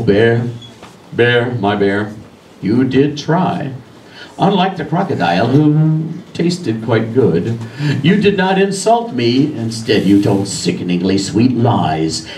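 A man voicing a menacing, hungry male lion king who speaks slowly and gloats with chuckles. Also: mid-range voice, a little mellow, a little hiss or hum. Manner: slow, drawn-out, gloating with chuckles. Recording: roomy echo, distant mic, faint ambience.

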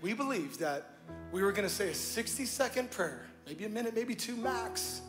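A male pastor preaching to a live congregation, joking and shifting between loud bursts and hushed moments. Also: high voice, animated, moderate pace, over music. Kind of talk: sermon. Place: church stage before a live congregation.

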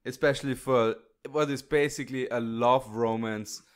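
A man's voice: mid-range voice, steady tone, moderate pace, smooth. A man hosting a podcast in casual chat, agreeable and joking, often chuckling. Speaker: podcast host.

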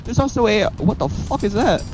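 A young man with a fairly high voice trades jokes over a tank game. His voice swings around, up and down, as he mixes swearing with put-on posh British phrases. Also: expressive, a little fast, loud music behind the voice, poor audio. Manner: joking, swears freely, mock-posh British catchphrases. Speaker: gamer. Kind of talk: casual gameplay banter.

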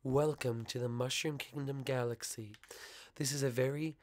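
A man voicing a creepy but soothing space princess in a soft, breathy whispered role-play. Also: mid-range voice, steady tone, normal speed, no echo, lightly acted.

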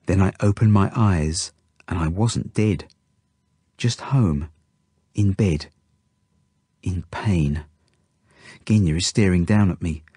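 A man reading a children's novel aloud in first person, with steady, intimate delivery. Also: sits low, takes it slowly, pauses often, husky, no echo, studio quality. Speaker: audiobook narrator. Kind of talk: first-person storybook narration.

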